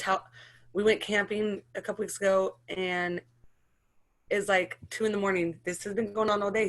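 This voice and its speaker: A woman's voice: mid-range voice, a bit bright. Thirties woman telling her story, emotional, keeps restarting sentences. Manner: halting, run-on sentences with many restarts. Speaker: interviewee, mother sharing her story. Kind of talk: emotional personal account.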